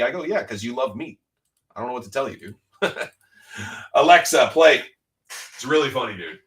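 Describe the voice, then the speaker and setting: A man's voice: medium pitch, expressive, normal speed, long pauses, fairly bright tone, recorded from a distance, low-quality recording. A middle-aged man telling a story in a loose, joking, casual way, swearing now and then as host of a livestream. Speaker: livestream card-break host.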